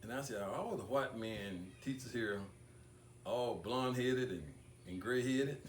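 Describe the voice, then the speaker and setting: An older man giving a tribute speech at an awards ceremony, talking deliberately with repeated words and long pauses. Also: medium pitch, expressive, slight background noise. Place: banquet hall. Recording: echoey room picked up from far off.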